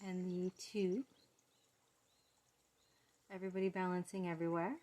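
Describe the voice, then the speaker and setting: A woman giving a casual walkthrough of a tarot deck, soft-spoken and fond as she muses over each card. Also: fairly low pitch, flat delivery, normal speed.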